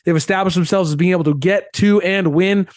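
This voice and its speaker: A man's voice: high voice, fairly even intonation, brisk, darkish tone, no echo, clean studio sound. A man co-hosting a sports podcast in casual chat, emphatic and opinionated, hammering his points by repeating them. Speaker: podcast co-host.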